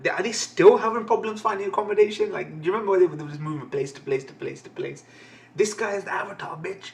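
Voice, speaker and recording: A man's voice: a little high, expressive, fast talker, a bit bright. A man streaming a live comic reading who swears constantly, laughs and rambles. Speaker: reaction streamer.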